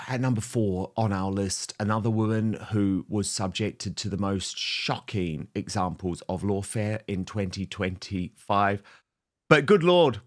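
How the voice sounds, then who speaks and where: Emphatic male talk show host. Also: mid-range voice. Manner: emphatic, rousing delivery.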